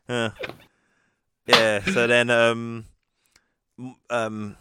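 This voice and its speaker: A man's voice: mid-range voice, monotone, drawn-out words, background noise. A man co-hosting a podcast, recapping a film in casual chat and acting out the characters' lines. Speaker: podcast co-host.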